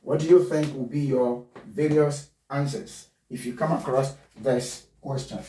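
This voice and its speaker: A male teacher giving a pronunciation lesson, spelling out letters and repeating his points deliberately. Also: mid-range voice, steady tone, warm tone. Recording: echoey room, far from mic.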